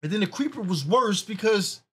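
A man co-hosting a casual movie reaction, talking loud, laughing a lot and swearing as he acts out scenes. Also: sits high, expressive, normal speed, husky.

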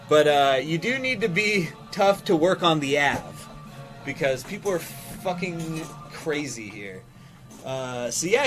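A man's voice: fairly high pitch, a bit bright. A man telling a rambling story on his stream, swearing freely and easily distracted. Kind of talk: casual storytelling on a live stream.

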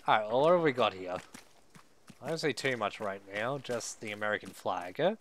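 A man's voice: on the low side, expressive, normal speed, fairly bright tone. An Australian man in casual gameplay commentary, swearing, joking and chatting with his viewers. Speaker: streamer.

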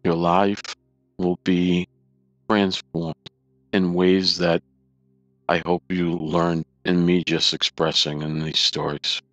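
A man's voice: low voice, little pitch movement, slow pace, fairly bright tone, dry recording, faint music behind, rough recording. A man earnestly recounting a personal faith story in testimony style, emotional and repetitive. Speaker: near-death experience storyteller.

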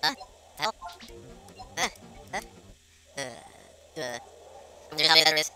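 A man's voice: fairly high pitch, lively intonation, slow, pushed and bright. A man giving goofy, rambling commentary over a game with a sped-up chipmunk effect, often singing made-up ditties. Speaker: let's play host. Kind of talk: casual gameplay commentary. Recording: game music behind. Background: game music.

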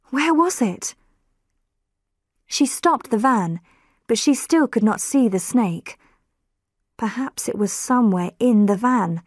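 A woman narrates a graded reader for English learners at a very unhurried pace. Her mid-pitched voice is read close to the mic in a dry, deadened space, each word set out clearly. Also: a little mellow, no echo. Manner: slow, clear storytelling with quoted voices lightly lifted. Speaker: audiobook narrator.

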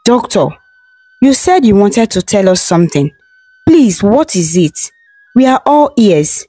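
A woman's voice: big pitch swings, a little slow, dark tone, slightly rough, no echo, soft background music. A woman voicing a grieving, furious middle-aged queen mother who wails and accuses. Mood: pleading. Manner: accusing, shrill, wailing.

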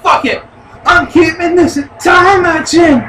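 A man giving live reaction commentary while watching a wrestling event, excitable, shouting and cursing at the screen. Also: very high-pitched, a little slow, faint music behind. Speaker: wrestling fan reviewing an event. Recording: roomy, distant mic with loud broadcast crowd noise.

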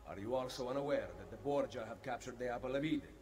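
A man's voice: medium pitch, quick pace, darkish tone, slight background noise, close to an everyday voice. A man voicing Ezio, a shrewd assassin. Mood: probing. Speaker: game character.

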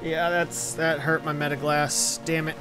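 A man commentating his own gameplay, excitable and profane, swinging between loud shouts and low mutters. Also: a little slow. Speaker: gaming video host. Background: game music.

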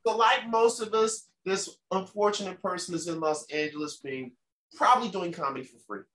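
A man's voice: sits high, fairly quick, echoey room. A man emceeing a bar comedy show, hyping the crowd and introducing comics. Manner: hype, playful crowd-warming.

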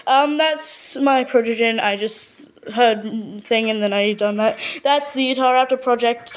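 A woman with an Australian accent casually narrating a showcase of her own artwork, stumbling over words and filling pauses with lots of ums. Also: a little high. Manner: hesitant, full of ums and repeated words. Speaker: channel owner.

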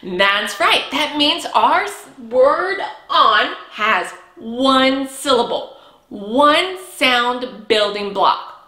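A woman with a high, bright voice leads an early-learning lesson, unhurried and patient, drawing out each sound for small children. Her voice rings a little in an echoey room. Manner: slow, patient, encouraging, stretches out sounds. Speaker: preschool teacher.

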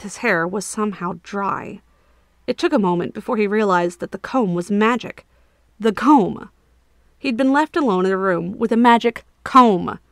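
A woman narrating a fantasy story in a steady, expressive audiobook reading. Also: a little high, dry recording, studio quality.

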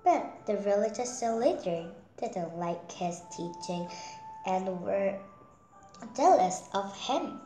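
Slow, halting young storyteller. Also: female voice, mid-range voice, animated. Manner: halting, with fillers and self-corrections. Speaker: child Bible storyteller. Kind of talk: reading a Bible story aloud with comments. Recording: echoey room with faint music.

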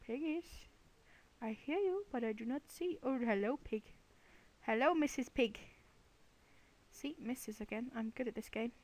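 Girl doing a lets play, chatty and playful, bit of a higher voice, chats away to the mobs. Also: moderate pace, a little hiss or hum. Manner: chatty, playful, talks to the game's animals. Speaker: let's play gamer. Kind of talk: casual gameplay commentary.

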